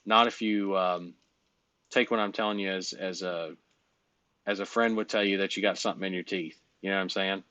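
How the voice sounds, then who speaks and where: A man's voice: sits low, fairly even intonation, a little fast, bright, forceful tone, dry recording. A man coaching in a casual, rambling way, blunt and full of fillers and cursing. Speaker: business coach.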